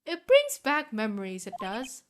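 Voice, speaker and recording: A woman's voice: a little high, huge pitch swings, noisy background. A woman voicing a fussy elderly male lawyer who rambles, hesitates and keeps saying "my boy". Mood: fretful. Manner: halting, nostalgic, calls others "my boy".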